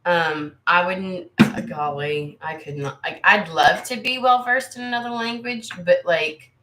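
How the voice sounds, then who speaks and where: A woman's voice: fairly low pitch, a little slow, fairly bright tone, echoey room. An American woman hosting a tarot channel, chatting casually with viewers in a rambling, candid way and swearing freely. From United States. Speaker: tarot reader and channel host. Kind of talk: casual livestream chat with viewers.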